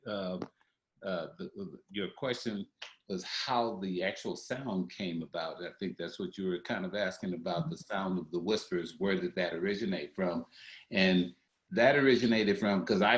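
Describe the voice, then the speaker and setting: A man's voice: low-pitched, moderate pace, reverberant. An older man, a singer, talking about his group in an interview, reflective and full of fillers. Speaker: guest singer. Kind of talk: interview conversation.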